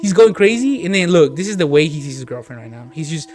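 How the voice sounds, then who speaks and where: A man's voice: fairly high pitch, lively intonation, fast talker, darkish tone. A man co-hosting a podcast, telling a story in rambling casual chat, laughing often and swearing freely. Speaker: podcast co-host.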